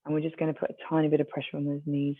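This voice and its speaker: Gravelly stretching instructor, tinny sound. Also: mid-range voice, monotone, very fast. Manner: gentle, encouraging, with light self-mocking asides. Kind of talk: guided stretching class.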